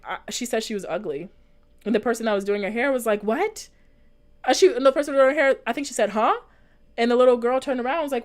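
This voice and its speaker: A young woman talking casually and earnestly to her viewers as a vlogger, rambling with lots of fillers and restarts. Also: on the high side. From United States. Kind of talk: casual chat, reading and answering live comments.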